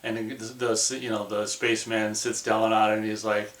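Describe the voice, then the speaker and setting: Rambling excitable man reviewing a movie. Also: on the low side, normal speed, roomy sound. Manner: rambling and excitable, heavy on "like" and "you know".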